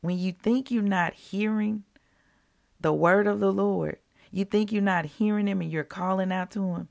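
A woman gives a personal devotional talk with a low, gravelly voice. She speaks very slowly and draws out each scripture line. She chats casually with her listeners in between. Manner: conversational, addresses listeners as y'all, reads scripture slowly and deliberately. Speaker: devotional podcast host.

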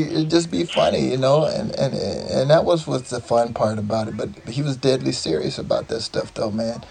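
A man's voice: mid-range voice, moderate pace, creaky, hardly any pauses, a crowd in the background. A man, the guest, telling casual, rambling stories and often tossing in "man" and "like.". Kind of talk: casual storytelling.

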